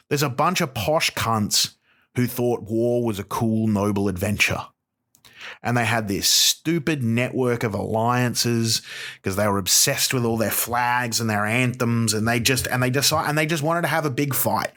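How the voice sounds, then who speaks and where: A comedian hosting a podcast, delivering a rambling, sweary, sarcastic rant. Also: male voice, medium pitch, moderate pace, a bit bright. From Australia. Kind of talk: stand-up style rant.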